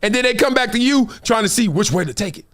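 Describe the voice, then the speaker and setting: Man in his 50s hosting, high voice that jumps all over, acts out what people said. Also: fast talker. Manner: animated storytelling, acts out quoted voices, frequent laughs. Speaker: show host. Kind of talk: casual talk-show chat.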